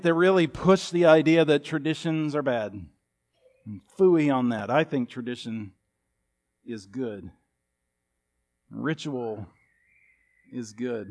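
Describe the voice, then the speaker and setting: A man in his fifties preaching a sermon in a folksy, humorous storytelling manner. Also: mid-range voice. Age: 50s. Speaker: pastor.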